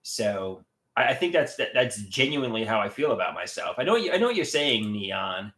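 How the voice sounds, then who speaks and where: A man's voice: fairly low pitch, sing-song, normal speed, a bit bright, echoey room. A man livestreaming and talking about his artwork, agitated and swearing, often repeating himself and restarting his sentences. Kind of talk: casual livestream talk.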